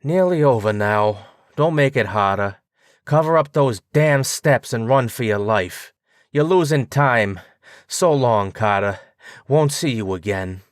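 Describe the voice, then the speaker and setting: A man's voice: mid-range voice, lively intonation, measured pace, clean tone, dry recording, clean studio sound, close to an everyday voice. A man voicing a young man trapped underground, frantic and pleading, then sadly resigned. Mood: urgent resigned.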